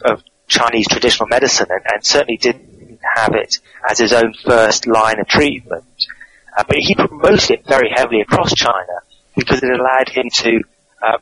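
Measured man explaining on radio. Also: mid-range voice, a bit bright, breathy edge, poor audio. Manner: measured, explanatory, frequent word repeats. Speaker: guest author. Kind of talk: interview answers.

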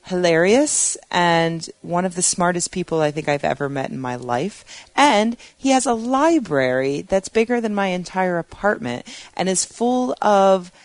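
A woman's voice: on the low side, animated, a little slow, hardly any pauses, no echo. A woman co-hosting a podcast in casual panel chat, talking in a chatty, sardonic way and laughing often. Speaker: podcast co-host.

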